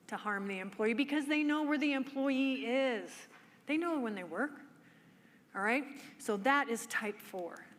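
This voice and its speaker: A woman nurse researcher giving a conference lecture and engaging the audience with rhetorical questions. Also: on the high side. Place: conference hall. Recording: long hall reverb, faint background noise.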